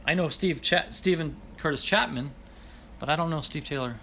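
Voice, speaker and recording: A man's voice: fairly high pitch, normal speed, bright, forceful tone, slight background noise. Chatty, apologetic male livestream host. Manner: apologetic, self-deprecating, laughs often. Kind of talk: casual livestream chat, reading viewer comments.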